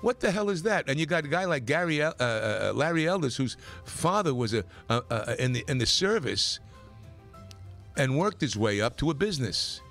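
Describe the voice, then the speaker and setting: A man from New York hosting a talk radio show, delivering a rambling, opinionated monologue that gets more animated as he goes. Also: normal speed, gravelly, soft background music. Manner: animated, rambling, pitch climbs when worked up.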